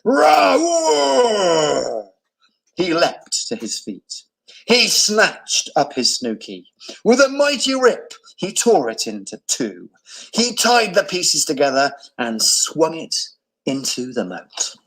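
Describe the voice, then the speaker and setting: A male teacher reads a children's story aloud, slow and unhurried. His voice rises and falls widely from one phrase to the next and sits a little high. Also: poor audio. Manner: expressive storytelling.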